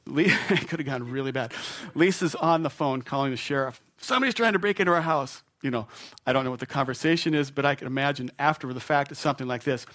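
A middle-aged male pastor tells a personal story from the pulpit. He is animated and self-mocking, and he keeps chuckling at himself. His voice is of middle pitch. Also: fast talker. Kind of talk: storytelling sermon.

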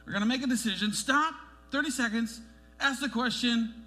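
A middle-aged man preaching a sermon as a pastor, animated, pushing his emphasis upward and acting out the voices he quotes. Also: extremely high pitch, fairly quick.

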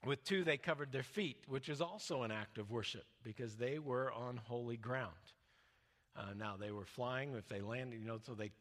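A man preaching a teaching sermon in a loose, conversational manner, often stumbling and restarting as he explains. His voice sits at an ordinary middle pitch and sinks quiet and low when he quotes scripture. The sound carries a long reverb, as in a church hall. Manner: conversational, with many fillers and restarts; drops soft and low when quoting scripture.

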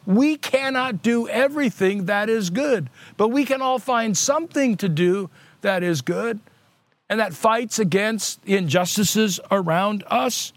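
Male pastor, middle-aged, sermon, earnest, repeats points for emphasis, very high voice, dry close sound. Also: no echo.

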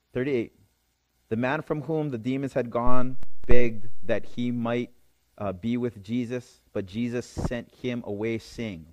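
A man's voice: mid-range voice, darkish tone, no room sound. A man preaching a sermon, reading scripture aloud and explaining it, often checking in with his listeners. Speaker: pastor.

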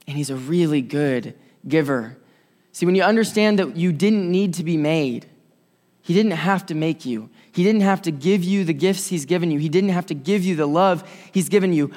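A man preaching a sermon with passion, swinging between loud urgent stretches and soft quiet ones. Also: fairly high pitch, normal speed. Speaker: pastor. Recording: long hall reverb.

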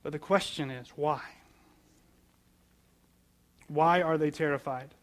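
A man's voice: on the high side, takes it slowly. Man preaching with repeated emphatic phrases. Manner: conversational, asks questions and answers them. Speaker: pastor. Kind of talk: sermon.

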